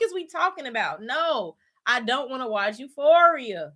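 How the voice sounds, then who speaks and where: Brief: woman host, bright voice, blunt profane rant. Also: high-pitched, very animated, normal speed, few pauses. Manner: blunt, profane, emphatic ranting. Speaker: podcast host. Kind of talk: casual chat.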